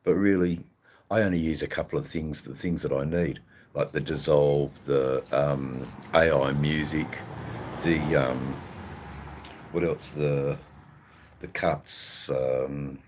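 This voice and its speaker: Very deep slow-talking Australian man. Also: fairly even intonation, a little hiss or hum. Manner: rambling, hesitant, swears freely. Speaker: livestream host. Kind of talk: casual livestream chat.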